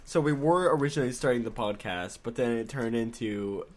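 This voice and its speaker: A man's voice: mid-range voice, a little fast, background noise. A man hosting a casual podcast with friends, trying to steer the talk and swearing freely. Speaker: podcast host. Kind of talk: casual chat among friends.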